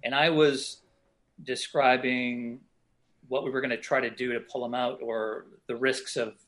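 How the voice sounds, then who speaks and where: Middle-aged man telling animated on-set anecdotes. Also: mid-range voice, a little slow. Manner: animated anecdotes, voices other people in quotes. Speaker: actor guest. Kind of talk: casual interview storytelling.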